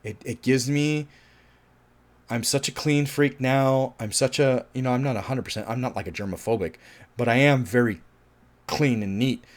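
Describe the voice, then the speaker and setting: A man's voice: medium pitch, normal speed. A man giving a casual, rambling film review. He swears freely, laughs, and trips over his words as he goes. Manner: rambling and animated, swears often, laughs, restarts a lot.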